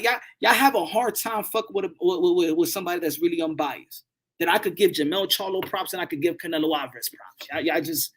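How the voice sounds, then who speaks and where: A man hosting a boxing channel, giving casual live-stream commentary, animated, often repeating words and swearing freely. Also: on the high side, a little fast, slightly rough.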